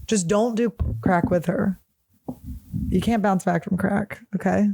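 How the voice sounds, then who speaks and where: A woman's voice: medium pitch, steady tone, a little slow, creaky, dark tone, breathy edge, dry recording. Profane, rambling woman podcast host. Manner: profane, rambling, jokey storytelling. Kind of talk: casual solo podcast monologue.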